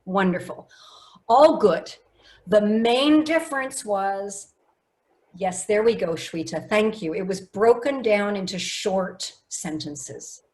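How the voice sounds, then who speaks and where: Woman speaking coach, online workshop, slow deliberate delivery, lively and coaxing. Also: medium pitch. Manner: lively, coaxing and emphatic, reads chat replies aloud. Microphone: video call.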